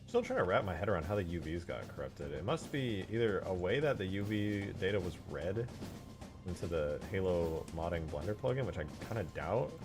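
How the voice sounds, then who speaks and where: A man's voice: low-pitched, lively intonation, brisk, over music. A man streaming as a game modder, thinking aloud in a rambling, crude and joking way. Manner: rambling and crude, joking to himself while he works. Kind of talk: casual livestream commentary.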